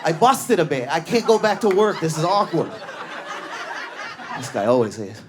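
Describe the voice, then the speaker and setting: A Canadian man doing stand-up, telling animated stories and bursting into shouted impressions of other people. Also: a little high, moderate pace, background noise. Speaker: stand-up comedian. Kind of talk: stand-up routine. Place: comedy club stage before a live audience. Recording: live club with loud crowd laughter. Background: audience laughter.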